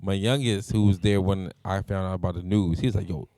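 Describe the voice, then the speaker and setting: Animated, laughing man telling stories. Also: deep voice, a little fast, no room sound, studio quality. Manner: animated storyteller, laughs often. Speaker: podcast host. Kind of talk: casual group chat.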